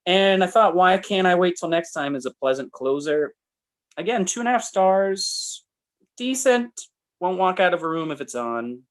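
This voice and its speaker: A man's voice: high-pitched, lively intonation, moderate pace. A man co-hosting a podcast, chatting casually about albums in a rambling way, often trailing off and restarting. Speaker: podcast co-host. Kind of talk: casual music review chat.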